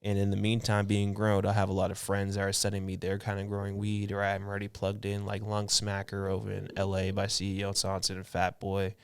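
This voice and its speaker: Man, twenties, podcast guest; easygoing, rambling, low smooth voice. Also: monotone, fairly quick, hardly any pauses, no echo. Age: 20s. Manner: laid-back, rambling with many fillers. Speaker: podcast guest, clothing designer. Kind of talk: casual chat.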